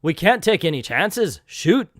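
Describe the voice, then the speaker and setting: Jumpy Irish outlaw, male, rough put-on accent, shouty, as a man plays him. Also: high-pitched, very animated, unhurried, dry recording, clean studio sound, heavily acted. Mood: alarmed.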